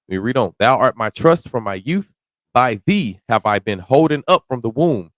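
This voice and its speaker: A man's voice: fairly low pitch, no room sound. Dry-miked man preaching verse by verse. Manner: reads scripture slowly then riffs in casual slang, rising to shouts. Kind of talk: verse-by-verse sermon.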